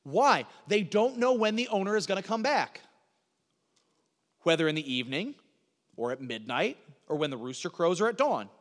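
A man's voice: sits high, big pitch swings, normal speed, a bit bright, big-room sound. A man preaching a sermon in a conversational way, asking rhetorical questions and answering them. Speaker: pastor.

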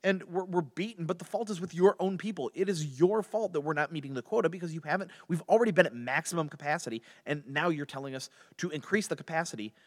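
A man voicing an overworked foreman, raising his pitch to plead and complain in exasperation. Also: fast talker, hardly any pauses, natural voice. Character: desperate overworked male slave foremen, pleading. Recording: long hall reverb.

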